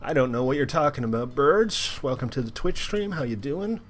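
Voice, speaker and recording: A young man hosting a live game stream, chatting playfully with bursts of loud cheering. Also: mid-range voice, animated, moderate pace, faint music behind.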